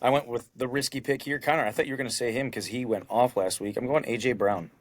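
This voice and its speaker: A man's voice: mid-range voice, fairly even intonation, fast, a little hiss or hum. A man co-hosting a casual sports podcast, upbeat as he talks through his picks. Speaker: podcast co-host.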